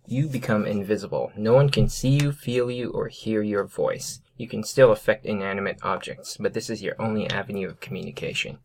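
A man playing a tabletop role-playing game, speaking in a measured way and reading rules text aloud. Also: fairly low pitch. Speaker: player. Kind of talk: casual tabletop play.

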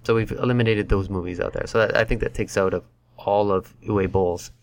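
Low-voiced man hosting a podcast. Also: fairly even intonation, brisk, dry recording. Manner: laid-back, wry, explains episode rules. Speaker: podcast host. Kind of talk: casual podcast chat.

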